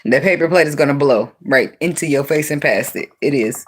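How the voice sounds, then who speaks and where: A woman giving an unscripted tarot reading in a blunt, profane, animated way, breaking into laughs often. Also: sits low, brisk, slight background noise. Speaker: tarot reader.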